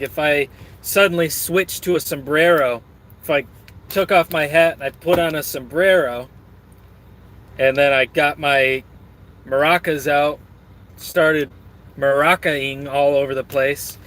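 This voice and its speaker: A man's voice: on the high side, fairly bright tone, slight background noise. A man streaming and reading his chat, rambling in a crude, joking way while snacking.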